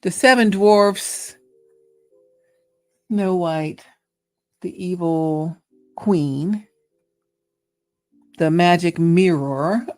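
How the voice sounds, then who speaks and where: A woman's voice: lowish voice, no room sound. A middle-aged woman with a Southern US accent, hosting a casual reflective monologue, chatty and playful as she muses aloud. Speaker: host.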